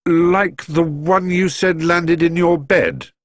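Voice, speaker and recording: A man's voice: medium pitch, wildly swooping pitch, slow pace, breathy edge, pitched above the performer's own voice, heavily acted. A man voicing an earnest, polite young bear. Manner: earnest, eager to please.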